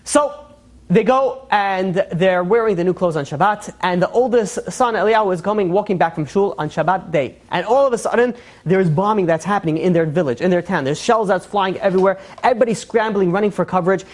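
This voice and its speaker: Rapid-fire male rabbi narrating a story to his listeners; animated, casual fillers. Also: high-pitched. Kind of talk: storytelling sermon.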